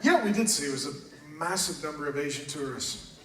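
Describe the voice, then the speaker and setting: A man, a pastor telling jokey, animated stories in an on-stage interview in a large auditorium. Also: fairly high pitch, fairly quick. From United States. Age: 30s. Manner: joking, animated storytelling. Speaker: pastor, guest speaker. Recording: roomy hall, picked up from far off, audible noise.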